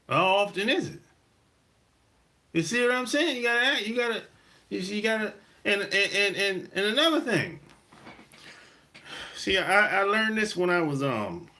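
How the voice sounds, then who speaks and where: A middle-aged man holds forth in a loose, rambling podcast monologue, laughing and dropping slang as he goes. His voice sits a little high for a man and swings around a lot. The tone is bright and forward. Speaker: podcast host. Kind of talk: casual monologue.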